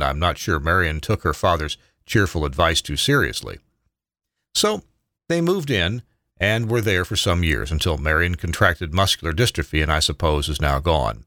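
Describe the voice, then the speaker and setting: An older man reading his own memoir aloud in a measured, reflective way. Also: deep voice, fairly bright tone, dry recording, clean studio sound.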